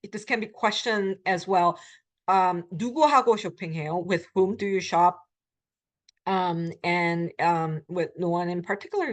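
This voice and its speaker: A woman teaching a beginner language lecture, explaining step by step, with frequent filler pauses while she models short phrases. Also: mid-range voice. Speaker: Korean language instructor.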